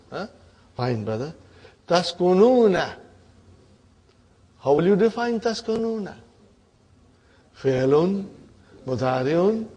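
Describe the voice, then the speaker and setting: Male language teacher, husky and a touch high-pitched, drills students with questions. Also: mellow, muffled recording. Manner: quizzes students, frequent "huh?" prompts, repeats answers. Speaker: Arabic teacher. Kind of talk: classroom grammar lesson.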